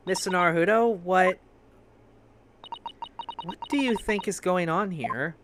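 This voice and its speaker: A man voicing a polite young Japanese woman who works as a legal assistant, speaking softly and properly, with game music behind. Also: high voice, measured pace, background noise. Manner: soft, courteous, proper.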